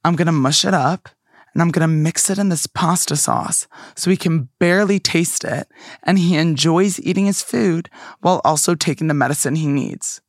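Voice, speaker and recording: A man's voice: on the high side, normal speed, no room sound, studio quality. A young man, a guest co-host in casual podcast chat, who talks in long turns and acts out imagined quotes.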